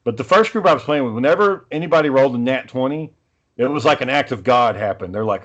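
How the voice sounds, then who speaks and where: A man's voice: mid-range voice, expressive, fast, fairly bright tone. A young man hosting a podcast, telling stories in casual chat and swearing freely. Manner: profane storytelling, swears freely. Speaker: podcast host.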